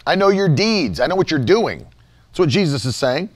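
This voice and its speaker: A man's voice: fairly high pitch, very animated, moderate pace. A man preaching a sermon, reading scripture aloud and repeating key phrases with emphasis.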